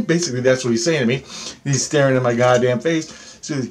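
A man's voice: mid-range voice, quick pace. Give me an agitated, foul-mouthed man telling his alien contact story. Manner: profane, agitated, animated. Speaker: self-described alien contactee. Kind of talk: storytelling monologue.

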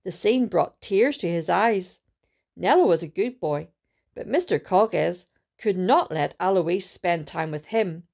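Lady reading a kids story out loud, bit of vocal fry, careful and steady. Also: lowish voice, unhurried. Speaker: student reader. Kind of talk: storybook read-aloud.

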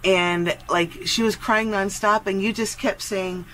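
A woman's voice: medium pitch, steady tone, measured pace, few pauses, a bit bright, low-quality recording. A woman chatting crudely and teasingly on a call, often laughing. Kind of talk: crude comedic phone chat.

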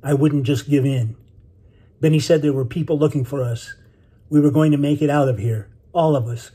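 A man reading his own novel aloud in steady, measured scripted narration. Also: mid-range voice, slightly rough.

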